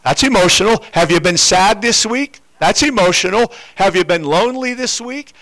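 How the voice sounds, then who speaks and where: A man's voice: sits high, lively intonation, moderate pace, a bit bright. An older man preaching a sermon to his congregation, repeating rhetorical questions. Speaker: pastor. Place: church.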